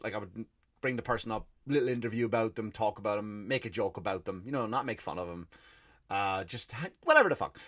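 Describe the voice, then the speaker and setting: An Irish man hosting a comedy podcast, telling stories in a swearing, ranting way. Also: medium pitch. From Ireland. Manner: profane, ranting, animated. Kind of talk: comic rant and storytelling.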